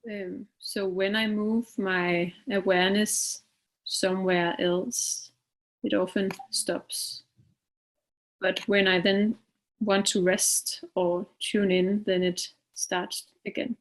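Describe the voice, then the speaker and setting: Slow, flat-voiced reflective woman. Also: medium pitch. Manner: hesitant, reflective, trailing off. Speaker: client in a session. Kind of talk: casual conversation.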